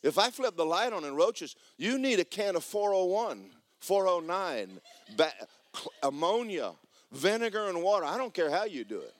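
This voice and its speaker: Lively, high-voiced man preaching with humor. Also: moderate pace, no room sound. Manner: animated, emphatic preaching with folksy humor. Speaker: pastor. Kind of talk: sermon. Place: church sanctuary.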